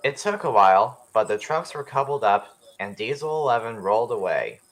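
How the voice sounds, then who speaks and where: A man narrating a storybook tale in a lively, dramatic manner. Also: mid-range voice, moderate pace, rough recording. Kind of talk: storybook reading.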